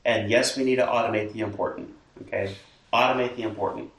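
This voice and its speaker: A man's voice: lowish voice, fast talker, creaky. A man who is a lead pastor talking casually and acting out the things people tell themselves. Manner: lively, acts out quoted inner talk, laughs often. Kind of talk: casual chat. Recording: roomy sound from a distant mic.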